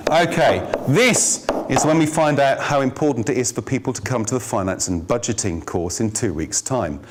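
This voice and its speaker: Male workshop trainer, playful and engaging, recorded with background noise. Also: medium pitch. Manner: lively, jokey, asks the audience. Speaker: business trainer. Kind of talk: workshop presentation. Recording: noisy room recording.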